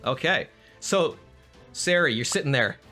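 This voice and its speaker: A man runs a homebrew fantasy game with a bright, lively voice. He repeats himself as he narrates and laughs easily. Soft background music plays under the talk. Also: medium pitch, a little slow. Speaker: game master.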